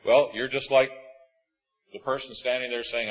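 A man preaching a sermon to a congregation in an auditorium, animated and acting out voices of the people in his stories. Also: medium pitch, moderate pace, husky, lo-fi sound, faint music behind.

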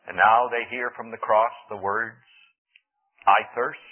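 Husky preacher on tinny radio. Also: male voice, lowish voice, steady tone, moderate pace. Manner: earnest, dramatic storytelling with rising emphasis. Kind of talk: radio sermon.

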